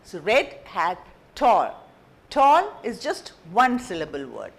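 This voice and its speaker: A woman teacher explains grammar without a script, her pitch moving lively up and down. She talks in a chatty way, restating points and pausing on fillers as she goes. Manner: chatty, repeats and rephrases, many fillers. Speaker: English teacher. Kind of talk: unscripted classroom explanation.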